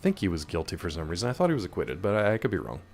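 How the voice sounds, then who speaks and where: A man's voice: sits low, huge pitch swings, racing. A young man chatting casually on a live stream, answering chat and hopping between topics while he plays. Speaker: game streamer.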